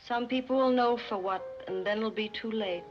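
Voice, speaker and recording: A woman's voice: fairly high pitch, normal speed, lightly acted. A young actress playing a spoiled, lovesick rich girl who pouts and talks dramatically in a 1930s film comedy. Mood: melodramatic. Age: young adult. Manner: pouting, dramatic. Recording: muffled 1930s film soundtrack with music.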